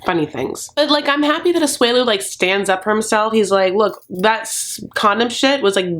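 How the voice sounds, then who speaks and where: A woman's voice: medium pitch, expressive, normal speed, fairly bright tone. A woman giving a sassy, campy recap of a reality TV show, calling her viewers "honey" and acting out quotes in put-on voices. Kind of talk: casual commentary.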